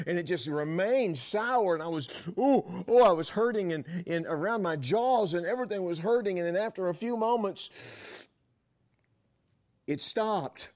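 A middle-aged man preaching a sermon as pastor, telling a story with lively, building emphasis. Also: sits high.

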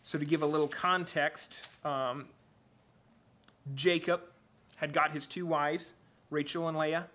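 A man preaching a church sermon and reading aloud from the Bible, halting often with fillers and restarts. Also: fairly high pitch, fairly even intonation, a bit bright. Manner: hesitant, many fillers and restarts.

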